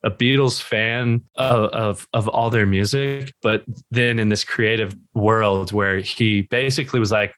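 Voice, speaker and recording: A man with a lowish voice retelling a story in casual chat, recorded dry and close. He wanders through the details in a loose, chatty way. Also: moderate pace, hardly any pauses, dry recording. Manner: rambling, animated retelling.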